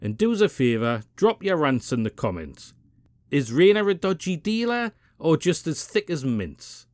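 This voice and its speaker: A man's voice: a little high, sing-song, moderate pace, darkish tone, dry recording. A man with a Geordie accent hosting a political rant channel, swearing freely and mocking his targets with biting sarcasm. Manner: profane, sarcastic, combative. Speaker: political commentary channel host.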